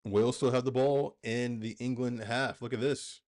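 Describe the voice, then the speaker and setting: A man hosting a live football watch-along, calling the play with excitable bursts and chatting casually to his viewers. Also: mid-range voice, normal speed.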